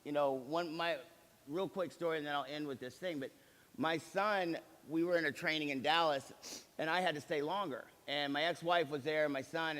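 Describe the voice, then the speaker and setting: A man in his forties, a company executive, giving a motivational seminar talk and acting out the dialogue in his stories. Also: on the high side. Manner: animated storyteller who acts out quoted dialogue. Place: large hall with live audience. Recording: reverberant hall sound.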